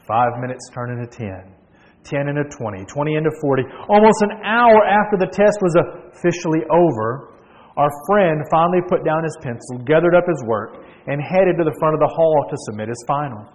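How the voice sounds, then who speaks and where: A man's voice: on the high side, animated, brisk. A man preaching a sermon in a storytelling manner, with emphatic repeats and restarts. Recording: long hall reverb.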